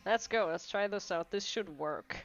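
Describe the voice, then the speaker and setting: A woman's voice: medium pitch, normal speed. A woman streaming a puzzle game, muttering her moves aloud and swearing at mistakes. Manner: mutters while solving puzzles, swears, laughs often. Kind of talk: casual game commentary. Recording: dull lo-fi mic with game music.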